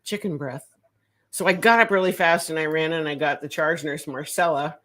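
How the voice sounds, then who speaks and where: Low-pitched woman from Canada, nurse guest, chatty storyteller on a radio show. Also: a little fast. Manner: animated storyteller, fillers like "you know". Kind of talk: casual radio talk.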